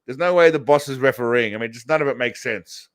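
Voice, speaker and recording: Speaking quickly in a mid-range voice, a man hosts a laid-back reaction show, commenting on videos in a crude, rambling way with constant swearing.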